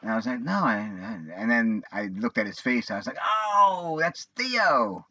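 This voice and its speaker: A man in his forties talking casually on his own, rambling and halting with many fillers and restarts. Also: fairly low pitch, fairly bright tone. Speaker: vlogger. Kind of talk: casual monologue. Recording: dull lo-fi sound.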